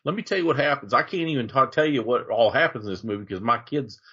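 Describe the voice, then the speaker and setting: Bright-voiced opinionated man ranting. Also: medium pitch, fast talker, slightly rough, muffled recording. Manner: opinionated, rambling, conspiratorial rants. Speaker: podcast co-host. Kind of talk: casual podcast chat.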